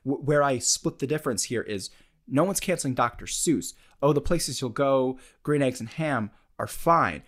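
A man's voice: mid-range voice, expressive. Hesitant young man in podcast chat. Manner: measured, hesitant, many restarts. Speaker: podcast co-host. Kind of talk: casual debate chat.

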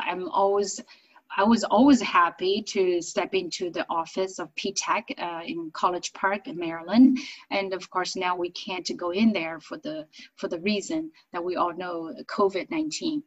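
A middle-aged woman from China, a native Chinese speaker and business owner, telling her life story in a chatty, animated interview. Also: lowish voice, a little slow, dry recording, dull audio. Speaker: business owner and accent coach.

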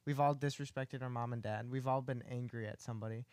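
A man's voice: medium pitch, fairly even intonation, fast talker, darkish tone, smooth, no echo. A man in a casual faith discussion, earnest and building up his points with emphasis.

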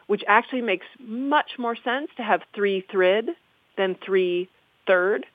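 A woman's voice: mid-range voice, expressive, slow, dry recording. Articulate woman on a tinny line. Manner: articulate, lecturing, amused. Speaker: language historian guest. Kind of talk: conversational explanation. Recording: tinny phone-like dry sound.

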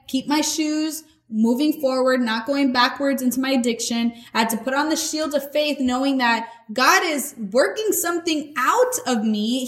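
A woman hosting a podcast, giving a casual, earnest faith talk in a conversational, slangy way. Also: sits high. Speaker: podcast host. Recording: echoey room.

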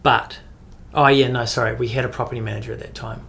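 A young man with a New Zealand accent, telling rambling stories in casual chat, full of "like" and quick laughs. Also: mid-range voice, steady tone, creaky, fairly bright tone. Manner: rambling storytelling with frequent "like" and laughs.

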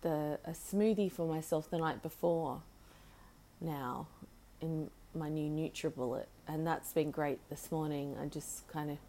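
A woman hosting a casual solo podcast from home, talking in a halting, rambling way with restarts, and cooing to her pet bird in a sweet, high voice. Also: steady tone, warm tone, slight background noise. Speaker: podcast host.

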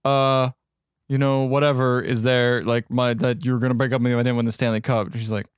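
A man's voice: mid-range voice, level tone, fast talker, clean tone, no echo, studio quality. A man hosting a podcast in casual chat, recapping a film in a blunt, sweary, dismissive way. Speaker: podcast host.

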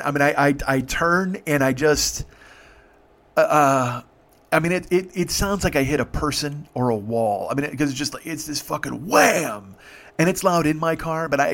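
A man in his fifties telling a story casually, swearing freely and stopping to restart his sentences. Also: a little high. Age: 50s. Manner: profane, halting, animated. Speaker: podcast host.

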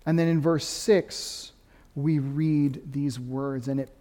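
A pastor preaching a sermon, lively and conversational, swinging between quick, louder stretches and soft, dropped emphasis. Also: male voice, a little high, long reverb tail. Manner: animated preaching, rising and dropping to quiet emphasis.

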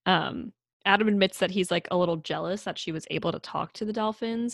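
A woman's voice: fairly low pitch, fairly quick, gravelly, dry recording, studio quality. A woman co-hosting a casual chat, talking loosely with lots of fillers and laughs. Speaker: podcast co-host.

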